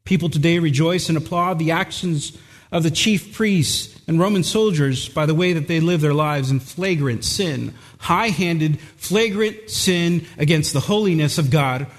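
Earnest preacher in a reverberant church. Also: male voice, on the high side. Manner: earnest, emphatic, repeats words for stress. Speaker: pastor. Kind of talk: sermon.

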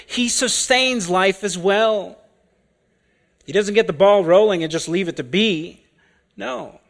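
A man preaching an expository sermon, deliberate and full of rhetorical questions. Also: high voice, fairly bright tone.

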